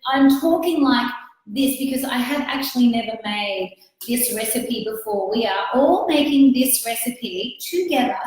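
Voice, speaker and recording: Australian woman, fairly high voice, chatty cookbook host, live cooking demo, very echoey home kitchen. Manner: chatty, greets viewers by name, thinks aloud with fillers. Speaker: cookbook author hosting a live cooking stream. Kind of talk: casual live cooking demonstration.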